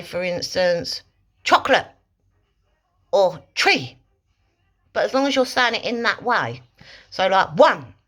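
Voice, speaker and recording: A woman dog trainer giving a casual, rambling tutorial, breaking off to snap out short, sharp demonstration commands. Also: mid-range voice. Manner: chatty, rambling, snaps out sharp demo commands.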